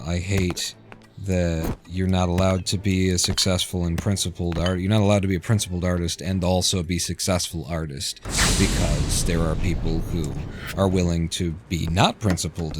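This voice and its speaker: A man streaming a game who wanders into long, digressive stories, casually swearing and restarting his sentences. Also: low-pitched. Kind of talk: rambling commentary while playing. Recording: steady clicking noise underneath.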